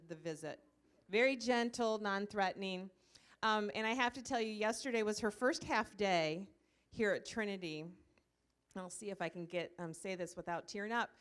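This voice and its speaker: A woman's voice: mid-range voice, a bit bright, clean tone. A woman leading a church ministry, telling a story to a group in a loose, chatty way, with many fillers. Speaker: church ministry leader presenting a comfort dog. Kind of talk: informal presentation to a church group. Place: church meeting room, live audience.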